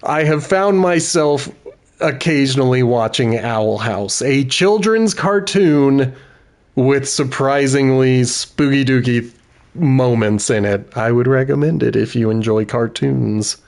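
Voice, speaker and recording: Slow-talking chatty middle-aged man. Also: medium pitch, darkish tone. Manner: chatty, laughs often, self-correcting. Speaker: streamer. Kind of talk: casual gameplay commentary.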